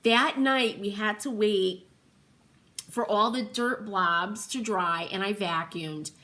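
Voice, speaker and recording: Chatty bright-voiced woman livestream host. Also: mid-range voice, slow pace. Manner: rambling, laughs often, addresses viewers by name. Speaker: host of a furniture painting livestream. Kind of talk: chatty livestream talk to viewers.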